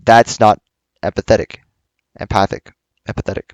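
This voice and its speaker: A man's voice: fairly low pitch, flat delivery, normal speed, dry recording. A young man hosting a casual book club talk, rambling and hesitant with many fillers and restarts.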